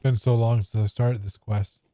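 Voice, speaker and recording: A man's voice: mid-range voice, steady tone, moderate pace, mellow, a little hiss or hum. A man giving casual, rambling commentary while playing a video game, offhand and sometimes profane. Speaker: gamer.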